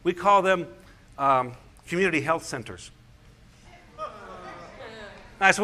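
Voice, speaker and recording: High, bright-voiced male storyteller. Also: takes it slowly. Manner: incredulous, chuckling, acts out the quoted speakers. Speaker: pastor and radio host. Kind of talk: animated first-person storytelling to an audience.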